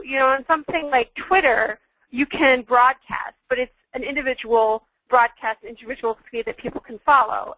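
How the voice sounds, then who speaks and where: A woman's voice: fairly high pitch, a bit bright, dry recording, rough recording. Chatty woman on a dry webinar line. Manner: chatty, many fillers and restarts. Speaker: webinar guest speaker. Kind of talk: conversational webinar talk.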